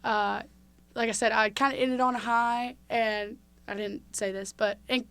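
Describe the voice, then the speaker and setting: A woman's voice: fairly high pitch, steady tone, unhurried, fairly bright tone, clean tone, no room sound. A young woman from Mississippi, a podcast guest telling a personal story candidly with lots of fillers. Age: young adult. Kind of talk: casual interview.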